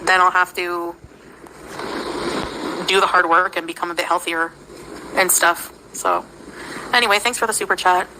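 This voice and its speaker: A woman's voice: lowish voice, steady tone, moderate pace, long pauses, background noise. A woman livestreaming, telling a meandering story in a casual way, with lots of fillers and giggles.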